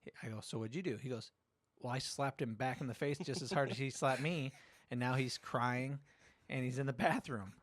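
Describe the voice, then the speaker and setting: A middle-aged man hosting a podcast, telling a story in casual chat, animated, swearing and acting out quotes. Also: mid-range voice, normal speed, dry recording. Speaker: podcast host.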